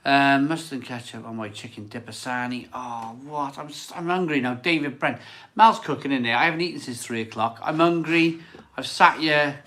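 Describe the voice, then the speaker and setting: On his beer channel's casual live stream, a man chats and reads viewer comments, rambling, repeating phrases and laughing often. His mid-range voice is bright and forceful, at a moderate pace.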